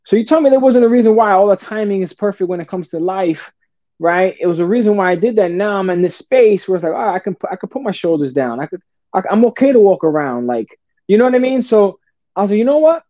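A middle-aged man telling a personal story as a podcast guest, animated and casual, often calling the host brother or bro. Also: high voice, quick pace, no echo. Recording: dull, dry lo-fi sound.

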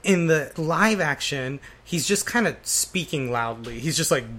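A man chatting casually on a podcast about movies, animated and often acting out quotes. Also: a little high, moderate pace, hardly any pauses. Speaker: podcast guest.

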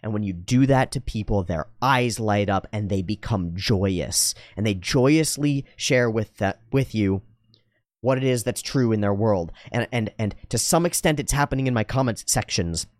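A man's voice: fairly low pitch, animated, moderate pace, no echo, studio quality. A man hosting his channel in a casual, reflective monologue, earnest and rambling, correcting himself as he goes. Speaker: channel host.

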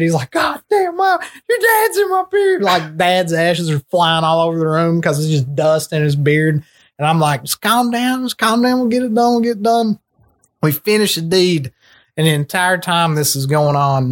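A young American man, a podcast co-host, telling a long story in a casual, profane, animated way, full of slang. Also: fairly high pitch.

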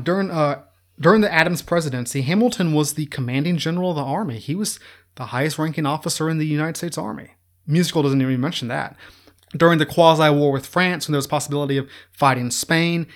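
A man giving an informal history lecture in a chatty, sarcastic way, laughing at his own jokes. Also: fairly high pitch.

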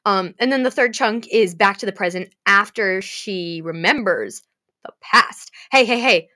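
A young woman gushing about a book to her viewers, swearing freely and swinging between gasps, whispers and shouts. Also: medium pitch, measured pace, no echo, clean studio sound. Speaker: fanfiction vlogger. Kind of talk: emotional casual rant about a book.

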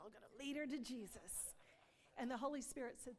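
A woman's voice: high-pitched, fairly quick, big-room sound. A woman giving an earnest testimony sermon, telling stories and acting out dialogue. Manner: earnest storytelling, acts out dialogue. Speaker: preacher.

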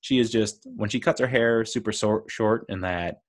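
A low-voiced man talking through a film in a loose, offhand review. He rambles, laughs often and pads his sentences with fillers as he goes. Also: normal speed, hardly any pauses. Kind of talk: casual movie review monologue.

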